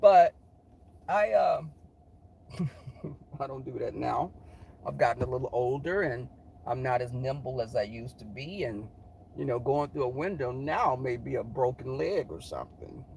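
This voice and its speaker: A man's voice: measured pace, vocal fry, pauses often, a little hiss or hum. A middle-aged man telling a story casually and animatedly, sassy and profane. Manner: animated, sassy, profane, jumps into high voices for quotes.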